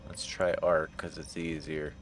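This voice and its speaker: A man's voice: rumbling low, level tone, a little slow, a little hiss or hum. A man streaming a game live, joking with his chat, swearing at misses and reading item text aloud. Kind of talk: live gameplay commentary.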